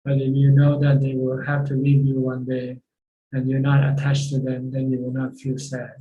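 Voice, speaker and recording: A man teaching as a Buddhist monk, answering questions over a video call in a plain, halting way. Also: medium pitch, monotone, warm tone, roomy sound, muffled recording. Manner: plain, repeats words while searching for phrasing. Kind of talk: dharma talk answering questions.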